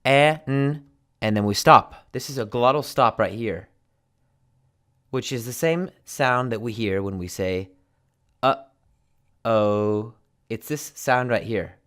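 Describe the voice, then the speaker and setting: A man with an American accent, teaching English pronunciation slowly and repeating each example. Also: mid-range voice, a bit bright. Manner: slow, deliberate, repeats examples. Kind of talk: pronunciation lesson.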